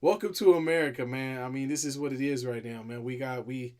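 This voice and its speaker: A man co-hosting a sports talk show, bantering in an animated, joking, slangy way. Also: mid-range voice, a little fast. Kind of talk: casual banter.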